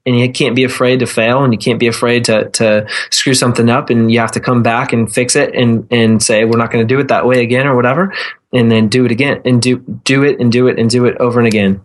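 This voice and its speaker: A man's voice: mid-range voice, steady tone, fast. Earnest man answering in an interview. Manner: earnest, with frequent restarts and fillers. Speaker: podcast guest, real estate investor.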